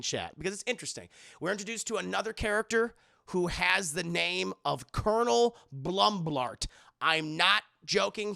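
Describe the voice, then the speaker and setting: A man with a heavily gravelly voice walks his live chat through a film scene by scene. His tone is bright and forward, and he keeps breaking into quick put-on voices for the characters. It is a loose, casual stream review. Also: a little high.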